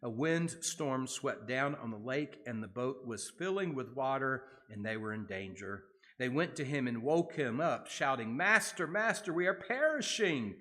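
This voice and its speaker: A man's voice: medium pitch, expressive, measured pace. A man leading a Bible study in a church, reading scripture aloud and then explaining it in a casual way with fillers and restarts.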